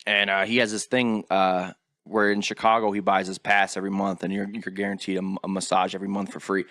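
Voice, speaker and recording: Bright-voiced man telling a story laughing. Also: sits low, level tone, fast talker, dry recording. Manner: loud laughing storyteller, acts out quotes with yelps. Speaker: podcast host. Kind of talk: casual storytelling chat.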